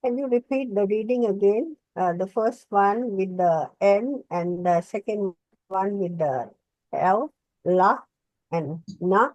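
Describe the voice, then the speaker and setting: A woman's voice: mid-range voice, takes it slowly, a little mellow, dry recording, low-quality recording. A woman asking curious follow-up questions as a student in an online language lesson.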